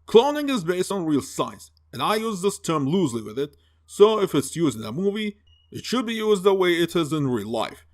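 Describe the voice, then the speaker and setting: A man tears into a film in a sarcastic, foul-mouthed review rant. His voice sits fairly high and swings widely in pitch. He sounds mocking and exasperated throughout. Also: very animated, normal speed. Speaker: movie reviewer.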